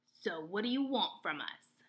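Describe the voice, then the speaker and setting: A woman's voice: mid-range voice, expressive, measured pace, lightly acted. A woman reading a storybook aloud, voicing a wary, suspicious fox who speaks in a growling whisper.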